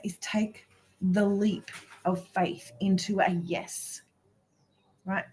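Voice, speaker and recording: A woman's voice: medium pitch, poor audio. Emphatic woman coaching on a live video. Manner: emphatic and preachy, with a repeated "right?"; giggly, with frank swearing. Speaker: spiritual business coach.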